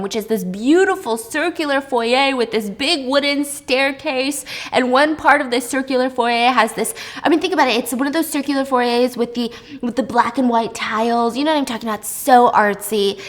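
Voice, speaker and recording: A young woman hosting a casual video, telling a story in a chatty, animated way while baking. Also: high voice, moderate pace, few pauses. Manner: chatty, animated, laughs often. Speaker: host.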